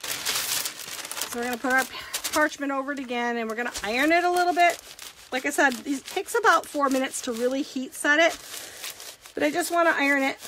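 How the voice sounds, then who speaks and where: Her voice is high and a little fast, with frequent pauses, and the background is noisy. A direct sales consultant and craft demonstrator, she chats through a live crafting session, explaining each step and saying hello to viewers.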